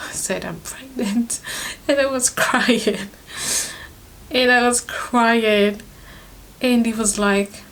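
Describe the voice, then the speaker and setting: A young woman vlogger telling a personal story to camera, emotional and laughing often, restarting her sentences as she goes. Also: medium pitch. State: pregnant, third trimester.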